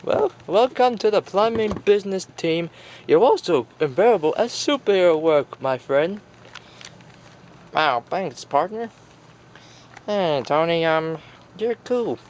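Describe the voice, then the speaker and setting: A man plays out a toy adventure, speaking slowly in a high, bouncy voice. He keeps switching between goofy high and low character voices, with faint noise behind him. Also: expressive, a little mellow. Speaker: toy video maker voicing all characters.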